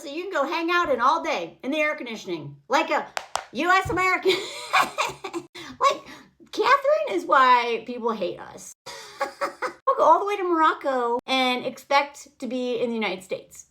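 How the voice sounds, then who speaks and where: Sarcastic high-voiced woman recapping a film. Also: bright, forceful tone. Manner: sarcastic, mocking, chatty. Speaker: film reviewer. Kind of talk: casual commentary recap.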